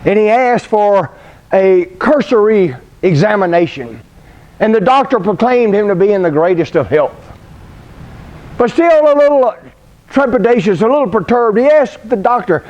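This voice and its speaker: Male preacher, storytelling sermon, high voice, deliberate pauses, dull lo-fi recording. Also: animated, a little mellow.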